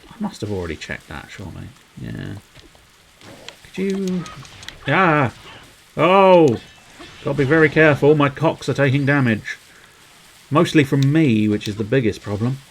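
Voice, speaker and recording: A man's voice: medium pitch, big pitch swings, moderate pace, vocal fry, a little hiss or hum, poor audio. A man streaming a game, rambling playfully to his viewers with cheeky innuendo. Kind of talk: casual livestream commentary.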